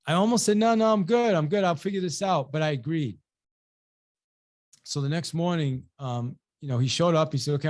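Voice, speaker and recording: A man's voice: a little high, darkish tone. A man hosting a webinar, telling a personal story with energy, acting out both sides of the dialogue, often repeating words and restarting. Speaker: webinar host and real estate coach.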